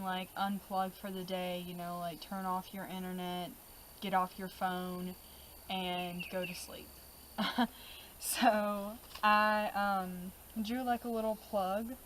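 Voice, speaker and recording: A woman with a mid-range voice vlogs outside amid background noise. Chatty and relaxed, she talks through her journal pages with plenty of fillers like "um" and "like."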